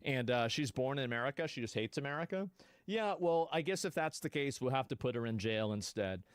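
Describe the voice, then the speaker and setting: A man streaming live, reacting bluntly to clips with profanity and sudden loud outbursts. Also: mid-range voice, lively intonation, fairly quick, smooth, no echo.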